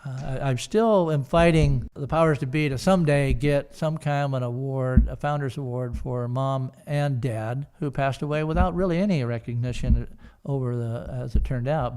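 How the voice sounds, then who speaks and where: Older man, interview guest, fairly high-pitched, rambling, hesitant. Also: moderate pace, darkish tone, clean tone. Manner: rambling storyteller, hesitant with many uh's. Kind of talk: casual storytelling.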